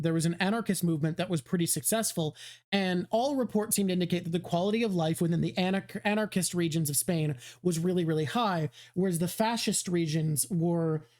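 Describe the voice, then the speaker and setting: A woman's voice: lowish voice, a little mellow. A woman co-hosting a casual chat, earnestly talking through her ideas. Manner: earnest, talks things through. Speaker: co-host.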